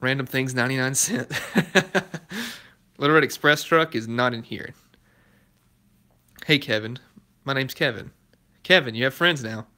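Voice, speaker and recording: Bright-voiced garage YouTuber chatting live. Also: male voice, mid-range voice, normal speed, long pauses. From Southern United States. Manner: chatty, laid-back, chuckles between comments. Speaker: car restoration YouTuber. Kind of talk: casual live-stream chat reading viewer comments. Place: garage workshop.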